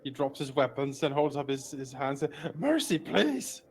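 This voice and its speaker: A man's voice: medium pitch, completely flat delivery, brisk, a little mellow. A man narrating as dungeon master in a tabletop game, laughing often and talking with hesitant fillers.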